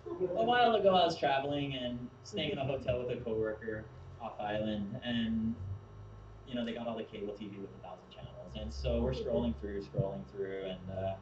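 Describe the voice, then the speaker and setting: A man's voice: mid-range voice, brisk, dull audio, noisy background. A man telling a rambling stand-up story who often laughs at his own jokes, recorded from a distance in an echoey room. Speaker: stand-up comedian. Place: comedy show venue.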